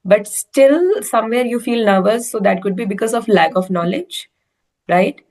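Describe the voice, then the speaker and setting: A woman's voice: fairly high pitch, moderate pace, darkish tone. A woman with an Indian accent coaching a learner in casual English conversation. She is encouraging and often checks in with "right?".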